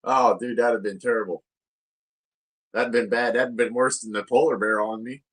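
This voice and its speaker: A man's voice: mid-range voice, fairly even intonation, normal speed, a bit bright, breathy edge. A man, co-hosting a casual podcast chat, crude and boastful, often laughing at his own jokes. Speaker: podcast co-host.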